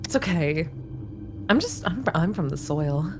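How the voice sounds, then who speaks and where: Soft-spoken, low woman at the game table. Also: big pitch swings, unhurried, faint music behind. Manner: soft, quiet, offbeat. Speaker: player.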